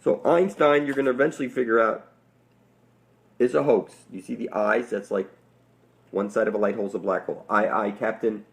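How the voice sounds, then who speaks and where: Man, gravelly fry in the voice, rambling monologue, intense and preachy, profane. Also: on the low side, brisk. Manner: intense, preachy, profane, addresses viewers as "people". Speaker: online conspiracy speaker.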